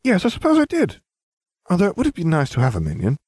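A man's voice: high voice, huge pitch swings, fast, a little mellow, breathy edge, dry recording, voice pushed up, exaggerated voice. A man voicing a smug, scheming boy wizard who talks in a grandiose, condescending way.

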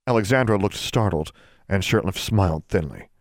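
This is scripted audiobook narration by a man with a deep voice, paced steadily and measured. The studio-quality recording is dry.

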